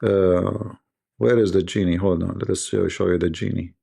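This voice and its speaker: A man's voice: sits low, fairly even intonation, moderate pace, creaky, dark tone, breathy edge. Joking male livestream host. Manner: joking storyteller, mimics voices, laughs often. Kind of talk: livestream debate chat.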